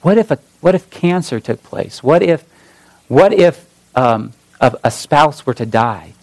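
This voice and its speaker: A man's voice: on the high side, animated, unhurried, darkish tone, no room sound, low-quality recording. A man preaching a sermon in a conversational way, often restarting phrases and rising on emphatic points. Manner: conversational, searching for words with many restarts. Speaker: pastor.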